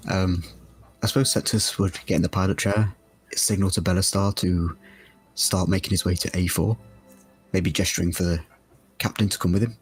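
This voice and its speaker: Very low, husky male player. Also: fairly even intonation, moderate pace, pauses often, faint music behind. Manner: tentative, thinking aloud. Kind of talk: tabletop game play.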